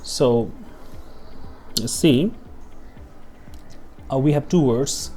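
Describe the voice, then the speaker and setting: A man's voice: mid-range voice, slow pace, dark tone, breathy edge, faint music behind. A man teaching pronunciation over a lesson walkthrough, repeating example words and often checking in with "okay?". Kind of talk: screen-share lesson walkthrough.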